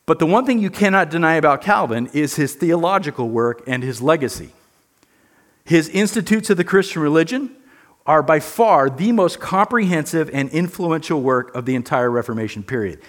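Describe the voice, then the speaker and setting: A man's voice: a little high, expressive, normal speed. A man teaching a church history lesson in an earnest, emphatic way, often repeating words.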